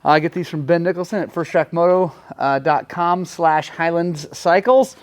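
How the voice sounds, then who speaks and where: A man talking casually to the camera in his garage workshop, excitable and quick to swing between frustration and joy while working on a bike. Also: on the high side, background noise. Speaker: motorcycle vlogger.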